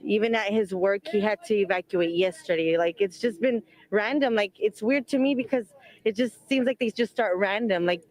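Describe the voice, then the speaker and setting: An earnest woman speaking outdoors, answering a reporter's questions as a mother who had to flee a wildfire. She rambles in loose, halting sentences padded with "like" and "you know", and brings in her faith as she talks. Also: mid-range voice, a little mellow, low-quality recording. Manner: earnest, openly religious. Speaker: wildfire evacuee, mother of several children. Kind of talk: emotional on-the-spot interview answers. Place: outdoors at a donation site.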